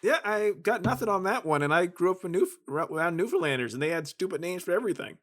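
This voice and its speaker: A man's voice: sits high, lively intonation, quick pace, fairly bright tone. A man co-hosting a movie podcast in casual chat, tossing in dry, jokey asides. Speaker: podcast co-host.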